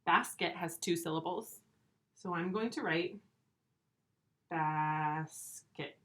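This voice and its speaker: A woman records a lesson for first graders at her whiteboard. Her voice is bright, and she sits slightly low in her range. She talks slowly and clearly, repeats each word, and gently cheers the children on. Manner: slow, clear, encouraging teacher talk with repeated words.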